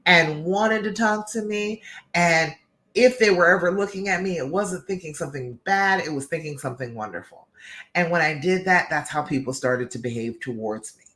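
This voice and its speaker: A woman's voice: on the low side, a bit bright. A woman love coach talking to her audience on a live stream. She is upbeat and encouraging, and she keeps asking "okay?" and "all right?" as she coaches them.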